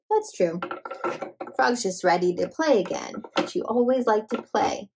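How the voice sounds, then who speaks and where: Gentle, breathy woman playing with toddlers. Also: mid-range voice, expressive, measured pace. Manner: gentle, sing-song, encouraging. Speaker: children's toy play host. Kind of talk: playful narration to toddlers.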